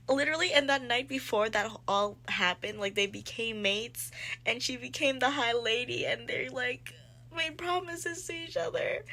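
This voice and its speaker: A young woman recapping a book she is reading, gushing and excitable and peppering her talk with "like". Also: on the high side, unhurried. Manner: gushing, excitable, heavy use of "like". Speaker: book vlogger. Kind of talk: casual chat recapping a book.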